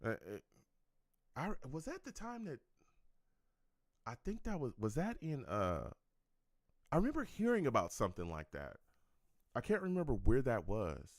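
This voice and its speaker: A man's voice: mid-range voice, normal speed, pauses often, dry recording, studio quality. A young man hosting a sports live stream, reading viewer comments in a casual chat and repeating himself with frequent laughs. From California. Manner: animated, laughs often, repeats phrases.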